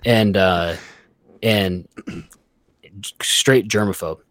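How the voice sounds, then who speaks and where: A man telling workplace stories in a casual, profane, animated way. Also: low-pitched, very slow, no room sound. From Reno area, Nevada. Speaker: podcast guest. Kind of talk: casual storytelling.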